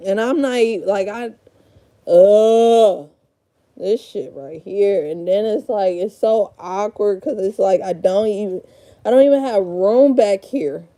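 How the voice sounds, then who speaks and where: A woman's voice: medium pitch, measured pace, mellow. A woman in her thirties in casual livestream chat, rambling, swearing and frazzled as she talks to herself while sorting out a room. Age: 30s. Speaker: live streamer.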